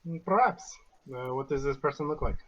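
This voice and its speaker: A man's voice: a little high, a little fast, fairly bright tone. A man playing a curious, flirtatious male traveler who speaks in a stiff, formal way. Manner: stiff formal phrasing without contractions. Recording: dull lo-fi mic with faint noise.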